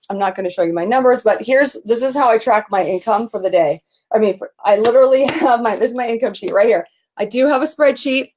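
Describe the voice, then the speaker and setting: A middle-aged woman leading a live online coaching session. She sounds energetic and enthusiastic, her voice at an ordinary middle pitch. At times she bursts into excited shouts. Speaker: business coach.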